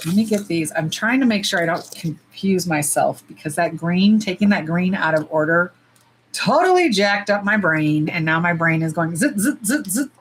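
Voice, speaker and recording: A middle-aged woman with a fairly low voice chats casually on a livestream, blunt and quick to swear. She sometimes breaks into loud, high squeals. A faint hiss of background noise sits under her voice. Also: poor audio. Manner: blunt, profane and animated, jumping to loud squeals. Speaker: nail polish livestream host. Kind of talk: casual livestream chat while swatching.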